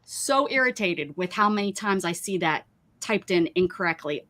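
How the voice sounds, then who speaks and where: Brief: woman host, rambling casual chat, emphatic rants, very lively pitch. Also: moderate pace. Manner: rambling, emphatic, ranting about pet peeves. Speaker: craft livestream host.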